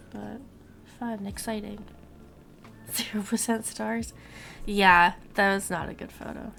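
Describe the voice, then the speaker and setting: Chatty young woman with heavy vocal fry. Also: on the high side, a bit bright. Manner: chatty, rambling, swears casually, talks to her cat and chat. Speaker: streamer. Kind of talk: casual stream chat.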